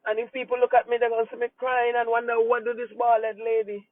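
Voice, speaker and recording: A woman pastor, crying as she talks, gives a halting, emotional update to her congregation from a moving car, repeating herself and asking for prayer. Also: a little high, flat delivery, no echo. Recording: tinny phone-like, dry sound.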